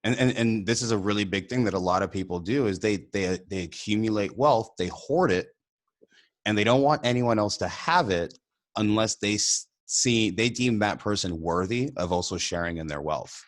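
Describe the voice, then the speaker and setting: A man, an immigrant, co-hosting a podcast and telling a personal story in casual conversation, animated and often laughing. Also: on the low side, moderate pace. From immigrant to the country. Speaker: podcast co-host.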